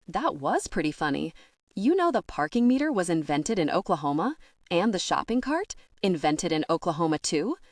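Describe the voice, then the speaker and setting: A woman narrating a first-person audiobook in an expressive, measured way. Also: mid-range voice, no room sound, clean studio sound.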